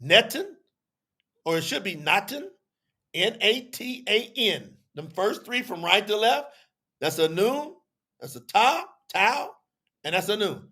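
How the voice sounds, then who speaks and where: A man with a high voice and a bright, sharp tone, teaching a live audience. He talks in a loose, chatty way and acts out both sides of an argument. He circles back and repeats his points as he explains. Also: animated. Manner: repetitive, drawn-out explaining. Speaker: teacher on a religious telethon.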